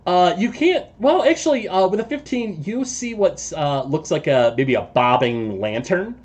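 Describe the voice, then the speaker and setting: A man narrating as game master of a tabletop game, halting and full of filler sounds. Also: high voice, expressive, darkish tone.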